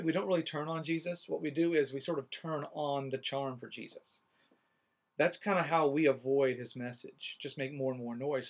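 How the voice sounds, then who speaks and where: In an empty church, a middle-aged minister with a husky, medium-pitched voice and vocal fry records a casual vlog. He rambles with dry humor while working through ideas for his next sermon.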